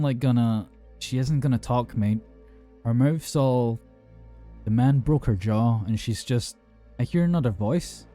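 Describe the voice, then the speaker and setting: Man playing drunk guy on the phone, slurring, rambling, swearing, dark mellow voice, faint music. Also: medium pitch, lightly acted. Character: drunk young British man calling for help, rattled.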